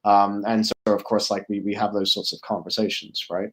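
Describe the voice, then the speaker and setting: A man's voice: on the low side, flat delivery, brisk. Man presenting, hesitant with frequent fillers. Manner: thinking aloud, many fillers and restarts, tag "right?". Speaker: guest speaker, product officer. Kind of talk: conference presentation.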